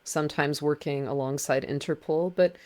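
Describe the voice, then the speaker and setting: A woman author explaining a legal argument in a measured, precise way. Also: low voice, fairly even intonation, a little mellow. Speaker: guest, book author on marine law.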